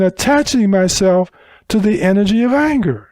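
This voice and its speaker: A man's voice: a little high, very animated, unhurried, darkish tone, no room sound, studio quality. A man giving a Buddhist dharma talk at a retreat center, teaching unhurriedly with emphatic repetition.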